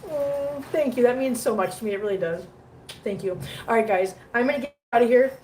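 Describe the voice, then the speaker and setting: Woman host, high voice, casual gushing live-stream chatter with baby-talk asides, faint background noise. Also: a little fast, darkish tone. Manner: gushing, coos at her cats in baby talk. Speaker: cat channel host. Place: home.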